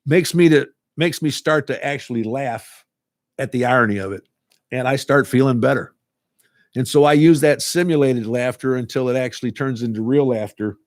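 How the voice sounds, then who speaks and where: A man's voice: mid-range voice, darkish tone, dry recording, studio quality. A man who teaches a laughter club, talking earnestly and casually and repeating words as he goes. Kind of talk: casual talk to camera.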